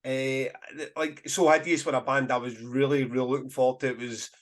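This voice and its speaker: A man's voice: medium pitch, brisk. A Scottish man, a festival promoter, telling stories in a casual podcast chat with bursts of laughter. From Scotland. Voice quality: animated storyteller, bursts of laughter.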